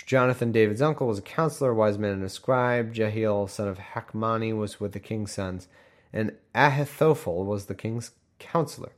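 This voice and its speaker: A man with a somewhat low voice reads a long list aloud for his listeners, yawning often, his throat getting scratchy. He keeps breaking off into wry, sarcastic commentary, playing the helpful guide with mock enthusiasm. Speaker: podcast host reading the Bible aloud. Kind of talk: casual reading with sarcastic asides.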